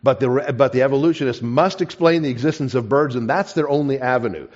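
Animated storytelling man, lo-fi sound. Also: medium pitch, fast. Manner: animated storyteller, softens for quoted asides. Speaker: creationist speaker. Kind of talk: storytelling talk to an audience. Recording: dull lo-fi recording.

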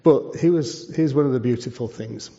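A man's voice: medium pitch, moderate pace, warm tone. A man, a charity leader giving a preaching talk to a church, conversational and full of rhetorical questions. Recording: dull lo-fi sound.

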